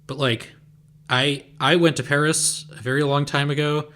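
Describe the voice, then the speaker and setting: A man's voice: fairly high pitch, level tone, normal speed, fairly bright tone. A man co-hosting a podcast in casual chat, often restarting and filling with "like". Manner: hesitant, repeats words, fills with "like". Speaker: podcast co-host.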